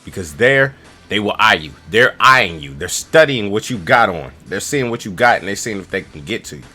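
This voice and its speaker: A man's voice: fairly low pitch, lively intonation, moderate pace, sharp tone, faint music behind. A man in his twenties giving loose, slangy, rambling travel advice straight to camera as a casual vlogger. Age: 20s.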